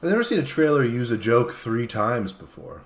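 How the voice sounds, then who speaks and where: Man, co-host, casual chat, deadpan, halting, mid pitch. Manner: dry, deadpan, halting with fillers.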